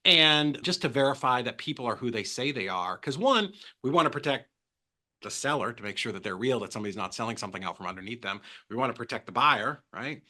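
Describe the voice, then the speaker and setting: A man talking as a podcast guest, telling animated stories and acting out quotes with big jumps in pitch. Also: fast. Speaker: guest, real estate transaction coordinator. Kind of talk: casual podcast storytelling.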